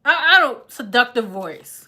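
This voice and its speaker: Woman tarot reader, casual live stream, bright higher voice, chatty and playful. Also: animated, measured pace. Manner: chatty, laughs often, slangy.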